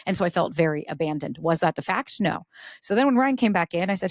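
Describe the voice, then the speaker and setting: A woman's voice: fairly low pitch, lively intonation, fast talker, dry recording, studio quality. A woman on a podcast, telling a personal story in casual talk and acting out the voices she quotes. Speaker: podcast guest.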